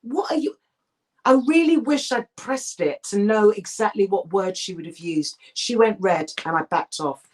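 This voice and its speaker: Middle-aged actress as interview guest, emphatic storyteller, mid pitch. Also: female voice, normal speed, a little hiss or hum. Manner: emphatic, animated storytelling with restarts. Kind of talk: candid interview conversation.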